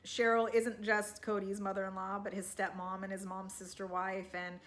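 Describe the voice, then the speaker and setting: A woman's voice: mid-range voice, flat delivery, normal speed. A woman talking through a TV episode recap in a casual, emotional, rambling way, full of restarts. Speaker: TV recap vlogger.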